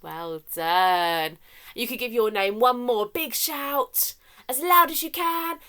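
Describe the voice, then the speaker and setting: Animated woman leading a children's story time. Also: a little high, takes it slowly. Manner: animated, sing-song, swings from whispers to shouts.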